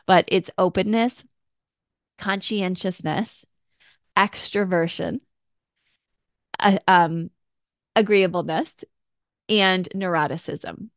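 A woman's voice: on the low side, takes it slowly, long pauses, dry recording, studio quality. A woman hosting a podcast, talking through personality traits in a reflective, conversational way and acting out quoted thoughts. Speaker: podcast host. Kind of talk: casual teaching talk.

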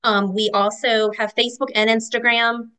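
A woman's voice: fairly high pitch, little pitch movement, normal speed, bright, forceful tone, smooth, rough recording. Casual female guest: shop owner, rambling chatter with many fillers. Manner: chatty, rambling, lots of fillers like "you know". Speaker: guest, vendor market owner. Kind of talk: casual interview chat.

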